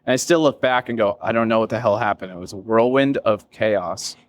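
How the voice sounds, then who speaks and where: A man's voice: on the low side, fairly quick, dry recording. Man, interview guest, rambling, emotional, casual swearing, lots of fillers. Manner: rambling, many fillers and self-quotes. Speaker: interview guest, business founder. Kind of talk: candid reflective interview talk.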